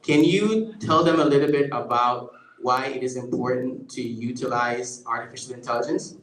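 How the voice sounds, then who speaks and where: In an event space at a museum, a male guest lecturer gives a conversational public talk with a live demo, speaking at normal speed in a medium-pitched, slightly bright voice. The room is echoey, and he keeps checking in with the audience by asking "right?".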